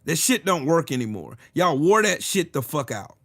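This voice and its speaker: A combative man ranting straight to his audience, cursing freely and mocking his critics. His voice sits a little high for a man and swings widely in pitch as he hammers each point. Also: very animated, normal speed, a bit bright. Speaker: channel host. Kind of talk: ranting commentary.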